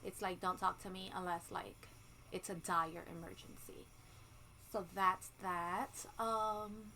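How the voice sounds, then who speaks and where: A woman's voice: lowish voice, steady tone, slow, sharp tone, low-quality recording. A woman vlogging casually at home, chatting candidly with lots of ums and likes and the odd swear word. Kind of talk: casual pregnancy update vlog. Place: home room with a ceiling fan running. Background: faint ceiling fan hum.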